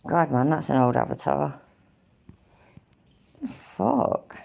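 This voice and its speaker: English woman, live streamer, low gravelly voice, swings up and down a lot, loose sweary chatter. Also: expressive, slow pace, warm tone. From England. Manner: swears casually, hums to herself, thinks aloud. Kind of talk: rambling live-stream chat.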